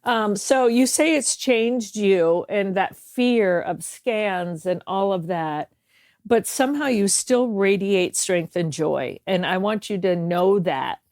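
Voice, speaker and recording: A woman's voice: medium pitch, slow pace, a little mellow, dry recording, clean studio sound. A woman from the East Coast hosting a podcast, speaking in an effusive, affirming way to her guest. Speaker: podcast host. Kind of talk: heartfelt interview talk.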